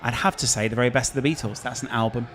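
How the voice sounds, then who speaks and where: A man's voice: mid-range voice, fairly even intonation, very fast, fairly bright tone, a little hiss or hum. A man with a Scouse accent hosting a casual live stream, chatting and answering viewer questions. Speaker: streamer host.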